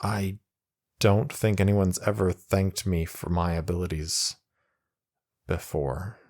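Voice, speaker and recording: A man voicing a secretive, quietly intense young woman with psychic powers, speaking softly and haltingly. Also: deep voice. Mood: subdued. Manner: soft, hesitant, halting.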